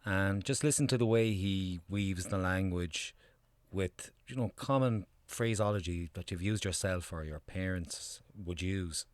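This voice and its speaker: A man's voice: sits low, unhurried, no echo. A man from Ireland, a channel presenter explaining things in a conversational voice-over.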